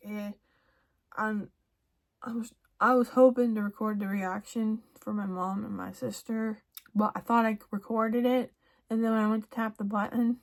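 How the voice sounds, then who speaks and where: Young woman chatting as she gets ready. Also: medium pitch. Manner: rambling, with many restarts and soft laughs. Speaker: vlogger. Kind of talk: casual get-ready-with-me chat.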